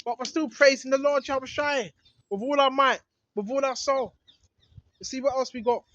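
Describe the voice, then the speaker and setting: A man preaches on a vlog from a small hidden spot in the woods. His voice sits high, and he rambles with emphasis, often tacking on "right?". The sound is dull and lo-fi, with very little echo. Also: fairly even intonation, normal speed, a bit bright. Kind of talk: outdoor religious vlog monologue.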